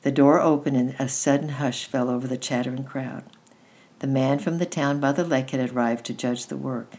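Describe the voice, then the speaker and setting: Very low-voiced woman reading aloud. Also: normal speed. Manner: steady, gentle read-aloud with occasional slips. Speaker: storytime reader. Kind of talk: reading a children's book aloud.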